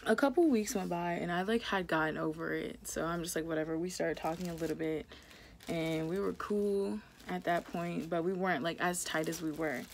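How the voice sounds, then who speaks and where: A woman's voice: on the low side, moderate pace, gravelly, a little hiss or hum. A young woman vlogger chatting casually while doing her makeup, telling a story with lots of "like" and swearing. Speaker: beauty vlogger.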